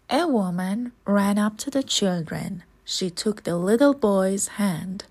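A woman reading a children's story aloud in a measured storytelling manner. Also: mid-range voice, lively intonation, a little mellow, slightly rough. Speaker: storybook reader.

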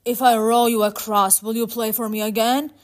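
A woman voicing a grim, bony old male ferryman of the dead, who speaks in a loud, curt way. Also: fairly high pitch, level tone, normal speed, pitched above the performer's own voice, close to an everyday voice. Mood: stern.

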